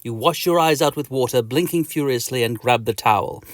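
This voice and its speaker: A man narrating a children's audiobook in the second person, telling the story in a lively way. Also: mid-range voice, fairly quick, no echo, clean studio sound. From Australia. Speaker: author and narrator.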